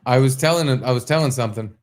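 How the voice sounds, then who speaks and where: A man's voice: medium pitch, fast. A man co-hosting a podcast, telling stories in casual comedic chat with lots of swearing and animation. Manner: profane, animated storytelling. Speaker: podcast co-host.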